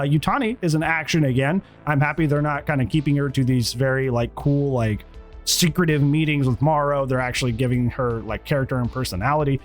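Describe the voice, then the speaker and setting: A man giving a casual, rambling review of a TV episode, animated and acting out bits of dialogue. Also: medium pitch. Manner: animated, rambling, acts out quotes. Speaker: TV show reviewer.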